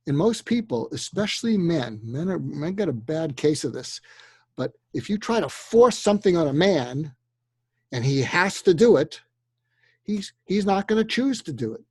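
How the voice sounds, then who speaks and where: An older man giving persuasion advice in a relaxed interview, acting out the lines he suggests people say in a calm, coaching way. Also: fairly high pitch, husky, no room sound. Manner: acts out quoted dialogue in a calm coaching tone. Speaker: guest expert on persuasion.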